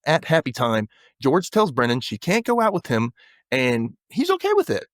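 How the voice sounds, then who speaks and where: Male podcast host, middle pitch, lively recap chat, dry close-mic sound. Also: moderate pace, no room sound. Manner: animated retelling, acts out characters' lines.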